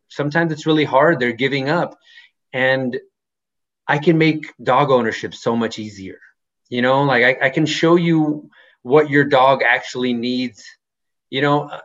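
Interviewee, man, casual and rambling, slightly high voice, dull lo-fi recording. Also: fairly bright tone. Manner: rambling, many "you know" fillers. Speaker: dog-running business owner.

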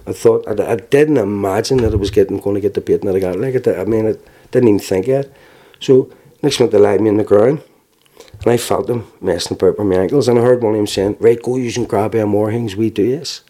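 A man with a Belfast accent giving a halting, plainspoken personal account, with restarts and wry laughs. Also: lowish voice, warm tone. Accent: Northern Irish, Belfast. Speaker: interviewee. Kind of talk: personal testimony.

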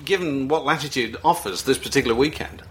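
A man's voice: medium pitch, quick pace, a bit bright. A male radio presenter chatting enthusiastically, with plenty of "you know" fillers. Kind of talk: casual chat.

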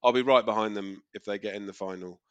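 A man from England co-hosting a podcast in casual chat, wry and teasing, often pausing with ums. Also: on the low side, steady tone, clear, resonant tone, no echo, highs cut off. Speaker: podcast co-host.

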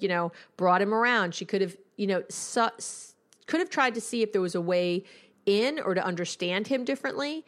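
A woman, a couples therapist, hosting an advice podcast in a candid, conversational and emphatic way. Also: medium pitch.

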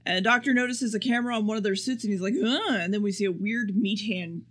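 High-pitched guy doing a sweary rambling recap on a podcast. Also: steady tone, fast, fairly bright tone. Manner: rambling and profane, acts out quotes. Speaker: podcast co-host. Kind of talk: casual episode recap.

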